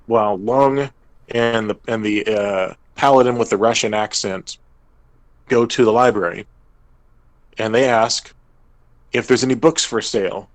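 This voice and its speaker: A young man with a fairly low voice tells the story of a tabletop game session as its game master, breezy and chatty, dropping into quick character lines now and then. The sound is dry and close, with little room to it. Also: dry recording, poor audio. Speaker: podcast co-host and game master. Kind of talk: casual recap of a tabletop game.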